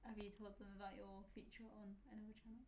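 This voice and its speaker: A woman in her twenties chiming in with quiet, teasing asides during a casual stream chat. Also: mid-range voice, level tone, rapid-fire. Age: 20s. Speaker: host's companion chiming in off camera.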